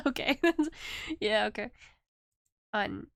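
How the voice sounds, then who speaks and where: A woman's voice: sits high, expressive, extremely slow, no echo, clean studio sound. A young woman streaming live, chatting casually with her viewers, giggling often and teasing them playfully.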